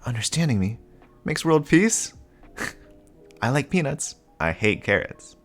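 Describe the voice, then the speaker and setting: Anya, a man squeaking as an excitable little girl. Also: slow pace, faint music behind. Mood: cheerful. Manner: high childish squeals, bouncy. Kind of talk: comic reading with voices.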